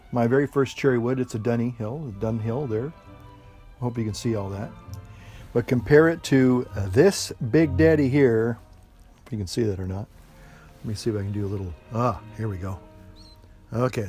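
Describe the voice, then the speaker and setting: A man's voice: medium pitch, a little mellow. Rambling folksy man smoking a pipe. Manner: rambling, many fillers and restarts; folksy, says "y'all". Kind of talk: relaxed casual chat to camera. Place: outdoors in an evening breeze, smoking a pipe. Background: classical music playing faintly.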